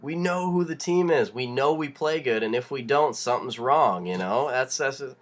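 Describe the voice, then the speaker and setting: A man's voice: medium pitch, expressive, moderate pace. A young man, ranting casually and laughing as he talks, full of restarts and rising heat. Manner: fired-up, laughing, rambling rant with restarts. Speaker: vlogger. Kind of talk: casual rant to camera.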